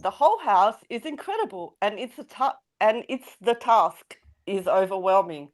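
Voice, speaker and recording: A woman's voice: medium pitch, lively intonation, moderate pace. An Australian woman chatting casually as a guest on a live stream, teasing and laughing often. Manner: giggly, teasing. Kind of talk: casual chat.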